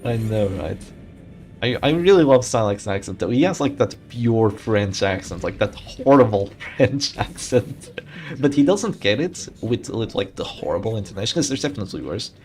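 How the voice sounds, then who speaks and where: Lively, low-voiced man commentating a game stream. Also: moderate pace, faint music behind. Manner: animated, chatty, thinking aloud with frequent restarts. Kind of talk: casual live game commentary.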